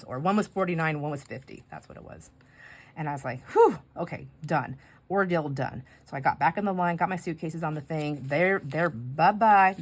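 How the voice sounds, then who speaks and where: Chatty woman crafting, low voice. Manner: chatty rambling storytelling with crafting asides. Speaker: craft vlogger. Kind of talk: casual chat while crafting.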